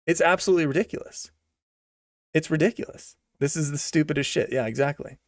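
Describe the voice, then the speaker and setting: A young guy's fairly high voice runs a little fast with fairly even intonation as he rants through a sarcastic, slang-heavy movie review, driving points home by repetition. Recorded in studio quality, there's no echo.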